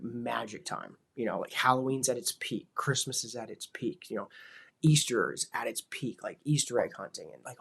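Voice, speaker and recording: A man's voice: mid-range voice, fairly bright tone, slightly rough. A man in his thirties, a father, talking in a casual, rambling way and filling his sentences with "like" and "you know". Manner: rambling, many filler words. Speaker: vlogger, father. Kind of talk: casual reflective talk.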